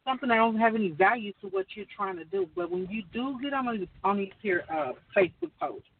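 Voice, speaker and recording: A slightly high-voiced woman calls in over a distant, tinny phone line, very animated and fairly quick, with slight background noise. In casual chat she earnestly shares advice about running her own business, rambling and full of fillers.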